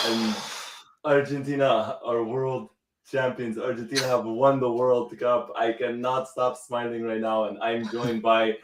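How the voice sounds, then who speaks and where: A man hosting a live stream, excited and laughing often as he greets viewers and reads out where they are watching from. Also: medium pitch, measured pace, far from the mic, background noise. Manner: laughing, elated, reading out viewer locations. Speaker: show host. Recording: roomy echo, a bit off-mic.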